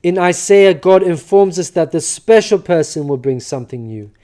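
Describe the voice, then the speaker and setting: A man reading a scripted religious narration in a measured, earnest, explanatory way. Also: sits high, expressive, dark tone.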